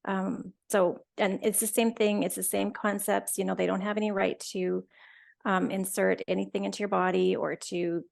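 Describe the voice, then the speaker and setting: A woman, a guest, retelling a personal story in a chatty, animated way with lots of quoted dialogue. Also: medium pitch, normal speed, creaky. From Canada. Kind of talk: casual storytelling.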